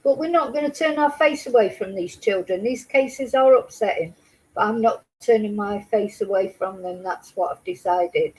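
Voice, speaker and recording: A woman's voice: mid-range voice, normal speed, a little mellow, breathy edge, low-quality recording. A woman vlogging her reaction to a news clip, emotional and angry, swearing in outbursts. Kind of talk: casual commentary.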